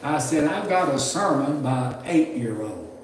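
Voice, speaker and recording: Older preacher, folksy and roomy. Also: male voice, mid-range voice, animated, moderate pace, slight background noise. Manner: folksy, rambling, with restarts and chuckles. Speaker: preacher teaching a preaching class. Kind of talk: folksy classroom sermon. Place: church classroom. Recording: roomy, distant mic with faint ambience.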